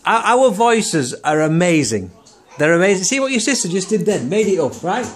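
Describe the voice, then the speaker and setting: A man's voice: sits high, sing-song, normal speed. A man giving a casual piano and songwriting lesson at home, patient and encouraging, often checking in with "right?". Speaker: piano teacher. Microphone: phone camera.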